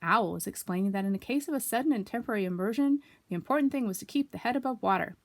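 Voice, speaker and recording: A woman reading a children's story aloud, expressive, with asides to young listeners. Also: medium pitch, rapid-fire, no room sound. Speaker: storybook reader.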